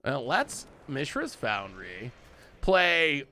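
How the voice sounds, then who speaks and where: A man's voice: medium pitch, big pitch swings, measured pace, pushed and bright. A man streaming himself playing a card game, chatting casually, often laughing and talking to his opponent and chat. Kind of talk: casual gameplay commentary.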